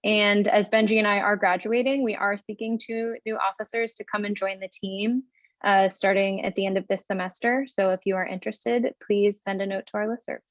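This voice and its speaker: A woman's voice: medium pitch, steady tone, brisk, dry recording, lo-fi sound. A young woman student officer reading announcements and introducing a guest over a video call, with a few hesitant ums. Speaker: student group officer, moderator.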